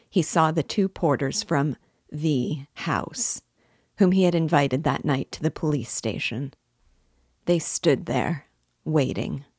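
Woman narrator, steady classic-novel read, low voice, dry close mic. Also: no echo. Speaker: book reader. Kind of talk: audiobook narration.

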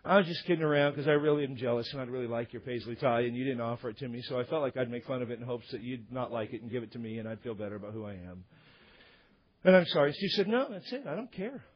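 A man's voice: medium pitch, very fast, breathy edge, highs cut off. A man preaching a sermon, telling a story and acting out the dialogue of the people in it. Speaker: pastor.

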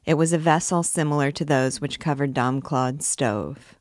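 A woman reading a classic novel aloud in a steady, measured narration. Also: low-pitched, no room sound, studio quality. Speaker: audiobook reader.

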